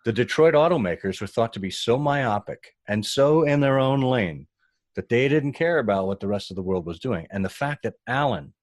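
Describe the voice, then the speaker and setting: A man with a fairly low voice tells a story in relaxed conversation, acting out the people he quotes with lively shifts in tone. The sound is dry and close, with no room around it. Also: no room sound. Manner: animated, acts out quoted voices. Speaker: guest. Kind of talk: casual storytelling.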